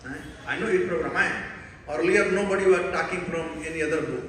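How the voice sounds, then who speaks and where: A man from North India with a North Indian accent, preaching a scripture class in an animated storytelling way and quizzing his listeners. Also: fairly high pitch, brisk, a little hiss or hum. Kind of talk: sermon. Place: large temple hall. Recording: echoey hall recorded from far off.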